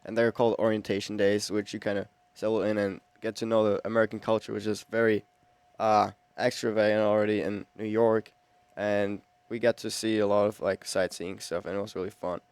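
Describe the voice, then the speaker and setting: A young exchange student from Germany, a native German speaker, relaxed and recounting trips with fillers. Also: male voice, lowish voice, brisk, clear, resonant tone, dry recording. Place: school TV studio.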